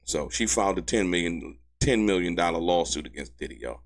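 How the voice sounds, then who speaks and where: A man hosting a casual legal commentary show, excitable and emphatic, who keeps repeating "ladies and gentlemen" and jumps up high in pitch when outraged. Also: fairly quick. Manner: laughs mid-sentence, emphatic repetition. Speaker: commentary channel host.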